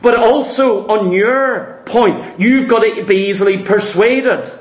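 A man's voice: high-pitched, slow, reverberant. A man preaching a sermon, speaking earnestly and with emphasis to his congregation.

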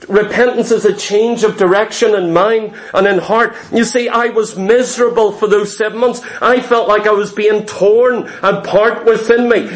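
A man preaching a fervent, confessional testimony in a sermon, repeating key phrases for emphasis. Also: sits high.

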